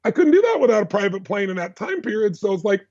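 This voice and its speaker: A man speaking as a podcast guest, his voice pitched high for a man as he rushes through one emphatic personal story after another. The delivery is animated and quick, with the words tumbling out. The audio sounds dull and slightly lo-fi. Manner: animated, emphatic, fast-flowing anecdotes.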